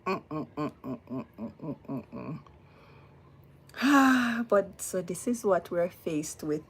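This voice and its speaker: A woman's voice: fairly low pitch, big pitch swings, slow pace, slightly rough. A woman with a Jamaican accent hosting a casual livestream, talking emphatically and repeating words for weight. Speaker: livestream host.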